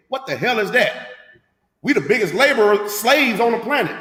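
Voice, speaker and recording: A man's voice: extremely high pitch, sing-song, normal speed, a bit bright, reverberant, big-room sound. A man leading a scripture class, preaching emphatically with rhetorical questions in a street-talk manner.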